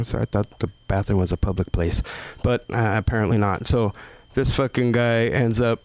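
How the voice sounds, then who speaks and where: A man's voice: on the low side, steady tone, moderate pace. A man doing a stand-up set, loose and profane, telling a story about a comedy show and acting out the people in it. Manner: profane, loose, acts out other voices.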